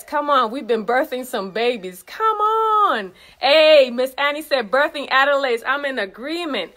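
A woman's voice: medium pitch, a bit bright. A woman organizing a retreat, chatting casually as she reads messages aloud and adds effusive praise exclamations. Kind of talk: casual recap vlog.

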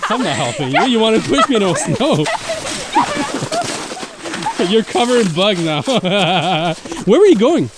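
Middle-aged guy, joking around on a family vlog, lively ups and downs, noisy outdoor camera audio. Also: high-pitched, a little slow, long pauses. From Québec, Canada. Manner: playful, teasing, laughs often. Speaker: family vlogger. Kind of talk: casual family vlog chat. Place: snowy forest trail outdoors.

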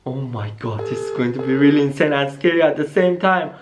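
A vlogger in a staged scary phone-call skit, excitable and talking straight to viewers, dropping into hushed tones at times. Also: mid-range voice, a little fast, slight background noise. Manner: excitable, keeps saying "guys", drops to hushed tones.

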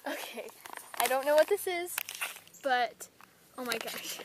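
A woman's voice: high voice, unhurried, pauses often, noisy background. A teenage girl vlogging as she opens a package from a friend, gushing and giggling, exclaiming over each item. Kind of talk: excited package-opening vlog.

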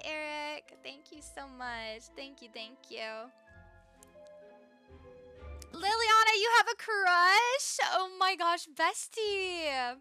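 A woman's voice: high-pitched, sharp tone. A young woman live-streaming a game, chatting with her viewers in a bubbly, gushing way as she reads the chat. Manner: bubbly, chatty, says bestie and slay. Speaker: livestreamer.

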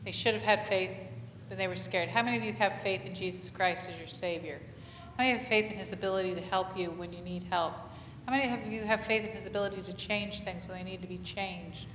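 A woman's voice: medium pitch, quick pace, fairly bright tone, slight background noise. A woman pastor giving a conversational sermon, asking the congregation many questions and telling stories with animation. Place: church sanctuary. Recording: echoey church hall, faint ambience.

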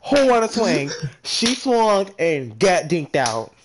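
A man hosting a casual gaming stream, loud and playful with constant trash talk. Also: high voice, very animated, takes it slowly, noisy background.

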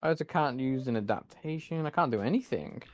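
In fairly quick, lively tones at a medium pitch, a gamer commentates on his own gameplay. He swears often and vents his annoyance at the game.

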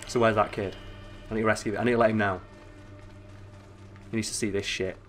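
A man giving excitable, sweary, joking commentary while playing a video game. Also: on the low side, a little fast, soft background music. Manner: excitable, sweary, jokey asides. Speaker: gaming channel host. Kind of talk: let's play commentary.

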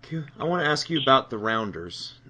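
A man's voice: mid-range voice, sing-song, a little fast, bright, forceful tone, slightly rough. A man interviewing an actress, asking polite, admiring questions.

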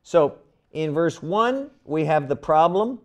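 Older man, Bible teacher, slow delivery, lively pitch, asks class questions, stresses key words.

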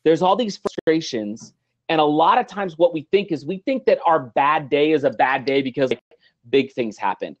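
A middle-aged man, a guest on an interview show, talking in an animated, motivational way and acting out little everyday scenes. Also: on the high side, highs cut off.

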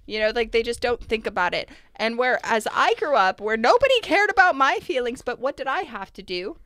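A woman's voice: a little high, brisk, no echo. Earnest woman podcast host, dry close mic. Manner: earnest and animated, with frequent "like" fillers. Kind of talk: casual conversation.

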